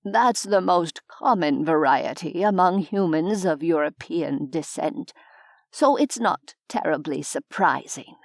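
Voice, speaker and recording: Woman reading as a genteel, measured old gentleman. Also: deep voice, lively intonation, dry recording, studio quality, heavily acted. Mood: courteous. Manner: measured, formal, gently lecturing. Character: genteel, courteous older gentleman scholar. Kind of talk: audiobook character voice.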